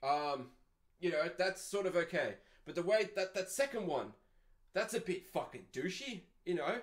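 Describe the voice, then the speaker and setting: Ranting Australian man, slightly high voice. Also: very animated, moderate pace. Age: 20s. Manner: profane, ranting and sardonic. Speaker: podcast host. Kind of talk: casual podcast rant.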